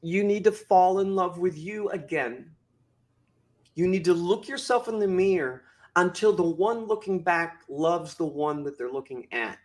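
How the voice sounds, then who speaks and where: A man talking as a podcast guest, with an animated, preacher-like delivery full of sudden drops and bursts. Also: high-pitched, unhurried. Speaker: guest speaker. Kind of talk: motivational podcast talk.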